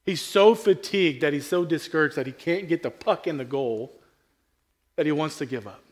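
A man preaching a sermon in a casual, conversational way, asking the congregation questions and rising from quiet asides to loud, emphatic peaks. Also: fairly high pitch, normal speed. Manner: repeats and restarts phrases, asks the crowd questions. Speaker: pastor.

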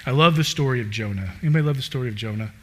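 A man preaching a sermon in a casual, conversational way, full of "like" fillers, swinging from loud emphatic bursts to low quiet asides. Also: racing, slight background noise. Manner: animated, rising loud and emphatic then dropping low.

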